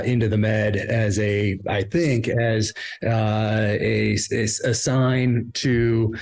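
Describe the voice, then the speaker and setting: Man asking halting interview questions. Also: lowish voice, a little mellow. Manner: halting questions with many fillers and restarts. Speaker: interviewer host.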